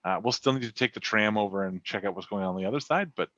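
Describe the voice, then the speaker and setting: A man's voice: on the low side, quick pace, sharp tone, dry recording, dull audio. A man playing a tabletop role-playing game, talking casually and stumbling over restarts. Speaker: player.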